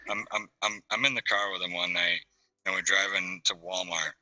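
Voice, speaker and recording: A man on a video call with headphones, telling a rambling, animated story in a casual chat. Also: low voice, normal speed, no echo, rough recording. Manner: rambling, animated, laughs a lot. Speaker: panel guest.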